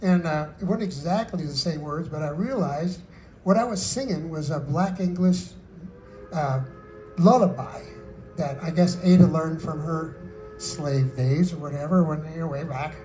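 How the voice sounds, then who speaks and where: An older singer-songwriter tells rambling, folksy stories about his songs. His voice sits fairly high for a man. A guitar plays faintly behind him at a live book store event. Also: normal speed, a little mellow, rough recording.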